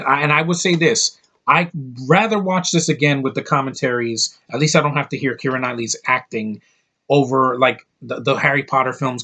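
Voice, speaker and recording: A man talks through a movie review in a loose, unscripted way. He is blunt and profane, often stumbling and restarting mid-sentence, at a middling pitch. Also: bright, forceful tone, husky. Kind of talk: casual spoken review.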